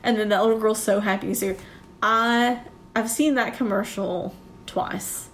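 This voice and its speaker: Woman, casual chat, rambling storyteller who swears, mid pitch, faint background hum. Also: steady tone, normal speed, fairly bright tone.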